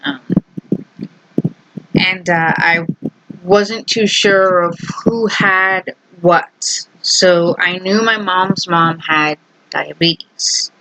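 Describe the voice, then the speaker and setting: A woman's voice: on the low side, bright, forceful tone, dry recording, poor audio. A young adult woman vlogger telling a family story in a casual, rambling, amused way.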